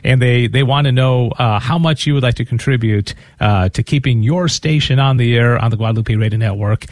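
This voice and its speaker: A man at medium pitch, talking a little fast with no echo, runs a radio fundraiser from the studio. He's talkative and casual, and he keeps repeating and stumbling over words while asking for donations.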